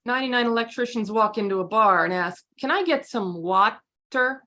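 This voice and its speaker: A woman's voice: fairly high pitch, normal speed, bright, forceful tone. A woman improv player telling short pun jokes, a little hesitant at times. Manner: plain, slightly hesitant delivery of pun jokes. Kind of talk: casual joke telling.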